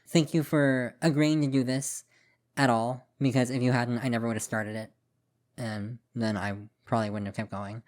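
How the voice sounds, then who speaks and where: A male podcast co-host at a middle pitch, talking in a loose, casual way. He rambles and pokes fun at himself. Laughter keeps breaking through his sentences. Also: darkish tone. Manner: rambling, self-deprecating, laughs often.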